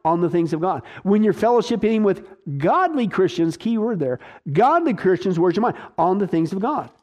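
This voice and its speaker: A man with a high-pitched voice preaching a sermon. He speaks emphatically, keeps asking his listeners questions and answering them himself, and drives his points home in short, repeated phrases. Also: a little mellow. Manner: repetitive, punchy short phrases. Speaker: pastor.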